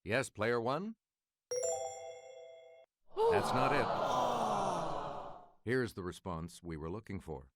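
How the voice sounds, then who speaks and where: A man hosting a quiz show, reading clues in a measured, crisp way and calling on the player to choose again. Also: on the low side, very animated, very noisy.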